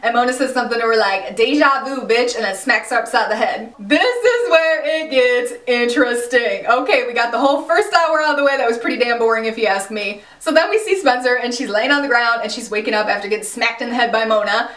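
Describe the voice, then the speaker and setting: A woman casually recapping a TV finale, animated and slangy, exclaiming and laughing as she tells it. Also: fairly high pitch, fast, hardly any pauses, recorded from a distance. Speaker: recap vlogger. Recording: echoey room, a bit off-mic.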